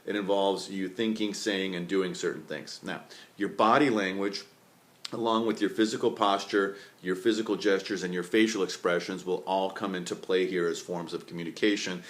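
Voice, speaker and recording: A man's voice: sits low, fairly even intonation, moderate pace, a bit bright. A man giving a solo talk as a relationship coach, stacking points in long lists with fillers and restarts.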